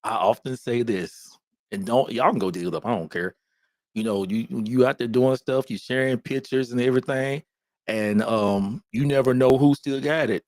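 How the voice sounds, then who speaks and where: A man's voice: medium pitch, moderate pace, dry recording. Emphatic man with a dry, close sound. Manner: lively, emphatic, often repeats himself. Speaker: podcast co-host. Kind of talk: casual faith podcast chat.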